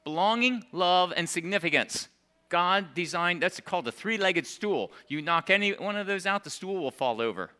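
Grandfatherly preacher with a bright voice. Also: sits high, expressive, normal speed. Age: older. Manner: emphatic preaching that drops to soft, quiet storytelling. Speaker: pastor. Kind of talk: sermon.

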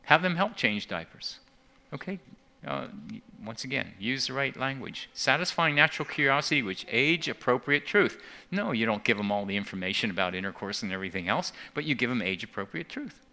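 Gravelly, forceful-voiced man speaking. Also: medium pitch, animated, a little fast. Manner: earnest, with frequent restarts and repeated words. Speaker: seminar speaker. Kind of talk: talk to a church audience.

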